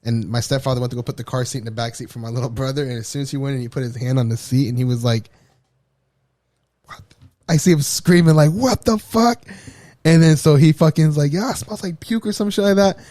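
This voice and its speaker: A man co-hosting a podcast, telling a story in casual chat, animated and profane, acting out quotes and laughing often. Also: mid-range voice, very fast, hardly any pauses, no echo. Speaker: podcast co-host.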